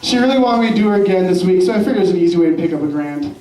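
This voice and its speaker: A man's voice: high-pitched, animated, rapid-fire, recorded from a distance, crowd noise. A man voicing a laid-back stoner friend with an offhand drawl, on a comedy club stage. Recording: roomy club sound from afar. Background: audience laughter.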